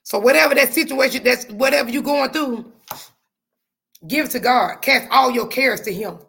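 A woman hosting a podcast, talking to her listeners with fervent, repetitive, preacher-like faith talk, her voice going hoarse. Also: fairly high pitch, moderate pace, fairly bright tone. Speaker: podcast host.

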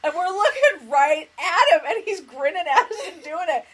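A woman's voice: very high-pitched, sing-song, normal speed, fairly bright tone, poor audio. A woman co-hosting a podcast in casual chat, telling long rambling stories and laughing as she goes. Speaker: podcast co-host. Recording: faint background noise.

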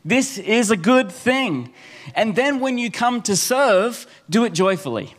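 A man's voice: sits high, lively intonation, a little slow, a bit bright. A man preaching a sermon in church, earnest and repeating key phrases for emphasis. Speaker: pastor. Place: church service.

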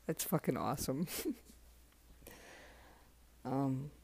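A woman in her forties hosting a podcast, talking casually in a soft, halting way, worn out from crying. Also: a bass voice, slightly rough. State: exhausted from crying. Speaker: podcast host. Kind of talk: casual spoken tribute monologue.

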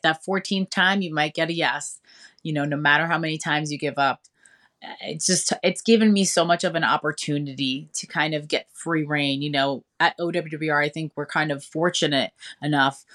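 A woman's voice: deep voice, a bit bright. A woman radio DJ, talking enthusiastically and chattily as an interview guest, with many fillers. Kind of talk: casual interview talk.

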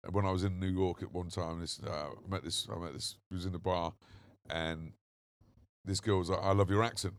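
A man with a London English accent, chatting casually and telling animated stories in a park. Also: deep voice, brisk, no echo. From England. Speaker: podcast co-host. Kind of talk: casual chat. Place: outdoors in a park.

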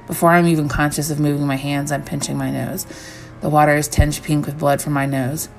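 Low gravelly woman reading horror. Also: level tone, fast talker, hardly any pauses, faint music behind. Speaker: story reader. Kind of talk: first-person horror story reading.

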